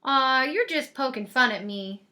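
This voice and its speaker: A woman's voice: high-pitched, animated, a little slow, sharp tone, heavily acted. Woman voicing a sweet young ranch girl. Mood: sad.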